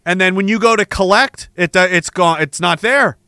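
A man's voice: high voice, normal speed, pushed and bright, smooth, no echo, clean studio sound. A man hosting a podcast, delivering an angry, sarcastic, profane monologue. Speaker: podcast host. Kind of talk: ranting monologue.

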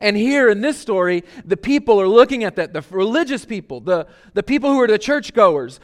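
A man's voice: sits high, lively intonation, fairly quick, few pauses. A man preaching a sermon as lead pastor, conversational with many fillers and restarts.

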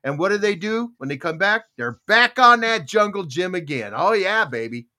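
A middle-aged man from Tucson hosting a podcast in casual chat, telling animated stories and acting out quoted voices. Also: sits high, moderate pace. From Tucson, Arizona. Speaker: podcast host.

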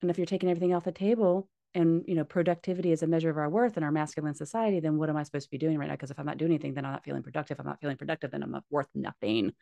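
A woman's voice: sits low, racing, gravelly, hardly any pauses, dark tone, dry recording. A woman talking as a podcast guest, candid and heartfelt, swearing casually. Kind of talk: candid conversational interview.

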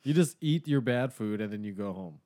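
A man's voice: lowish voice, lively intonation, brisk, dark tone. Joking crude man in chat. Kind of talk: casual chat.

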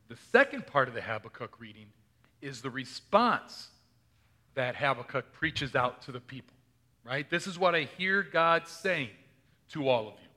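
Bright-voiced male pastor preaching. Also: mid-range voice. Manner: conversational, asks the congregation questions. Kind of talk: sermon.

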